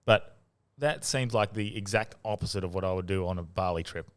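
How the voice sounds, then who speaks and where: An Australian man hosting a podcast, talking in a relaxed, easily amused way. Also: sits low, brisk, clean tone. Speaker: podcast host. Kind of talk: casual podcast chat.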